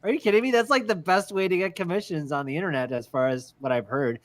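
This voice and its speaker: A man's voice: high voice, quick pace. A man hosting a casual art-stream chat, playful and jokey, laughing often. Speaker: podcast host.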